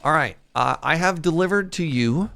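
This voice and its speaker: Gravelly-voiced man chatting on stream. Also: fairly high pitch, lively intonation, moderate pace, sharp tone. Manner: laughs easily, chatty storytelling. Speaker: streamer host. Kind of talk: casual chat while gaming.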